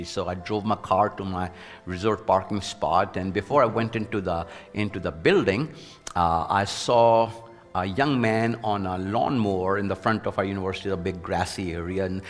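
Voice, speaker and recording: A man with a fairly low voice tells an earnest, anecdotal story about his working life, his delivery turning animated when he quotes other people. His speech rings with a long reverb, and faint music plays underneath. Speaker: former university president, leadership speaker. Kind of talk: storytelling in an interview.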